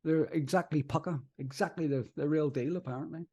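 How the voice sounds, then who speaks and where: A man's voice: on the high side, fairly even intonation, a little fast, warm tone, husky. A man guesting on a comedy news podcast, reading headlines and chuckling along with the panel. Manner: chuckling, agreeable, frequent yeahs.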